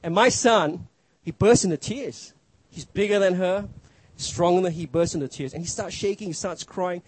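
A man's voice: high voice, normal speed, breathy edge, rough recording. A middle-aged male pastor preaching a sermon, emphatic, his voice rising and dropping for effect.

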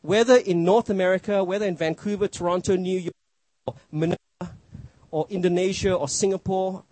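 High, husky-voiced male preacher. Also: steady tone, a little fast, a little mellow, no room sound, rough recording. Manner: emphatic, rising and dropping for effect. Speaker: pastor. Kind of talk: sermon.

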